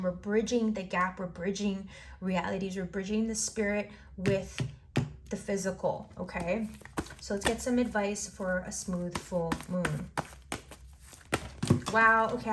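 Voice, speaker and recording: A woman's voice: medium pitch, slight background noise. A woman giving a tarot reading to the viewer, encouraging and rambling, often repeating phrases. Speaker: tarot reader.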